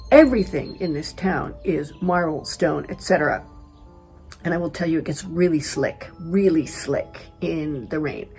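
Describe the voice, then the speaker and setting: A middle-aged woman from California, chatty and animated, telling a personal story to camera as a travel vlogger. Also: low voice, normal speed, soft background music. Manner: chatty, animated retelling with quoted dialogue.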